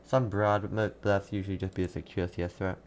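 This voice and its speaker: A young man hosting a live storm-coverage stream, casually reading out viewers' towns and warnings, halting now and then. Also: low voice, flat delivery, a little hiss or hum. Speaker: livestream weather host.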